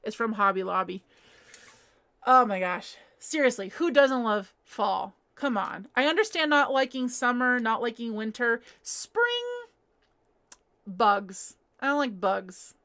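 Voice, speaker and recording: Young woman from norcal chatting on her crochet stream, lots of laughs and tangents, slightly high voice. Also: a little slow, pushed and bright. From Northern California. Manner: rambling, giggly, reading chat aloud. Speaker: livestream host. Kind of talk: casual chat while crocheting. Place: home.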